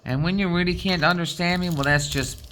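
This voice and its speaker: A woman's voice: fairly low pitch, steady tone, fairly quick, fairly bright tone, slight background noise. A woman with a Newfoundland accent, chatting casually and rambling as she sorts her diamond painting supplies. She has a folksy manner and often ends sentences with "boy". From Newfoundland, Canada. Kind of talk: casual rambling chat while sorting craft supplies.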